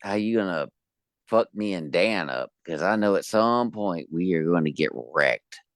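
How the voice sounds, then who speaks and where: A man's voice: deep voice, measured pace, no echo. A man hosting an interview podcast, joking and swearing casually. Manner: animated, joking, swearing freely. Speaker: podcast host.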